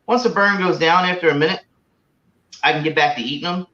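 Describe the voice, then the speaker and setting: A man with a fairly high voice talks loosely on a livestream, piling on fillers as he goes. The sound is roomy and echoey, and it comes through thin and lo-fi, as if over a remote call. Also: fast, bright, forceful tone. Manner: rambling, full of "like" and "uh". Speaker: guest tasting hot snacks. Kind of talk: casual livestream chat.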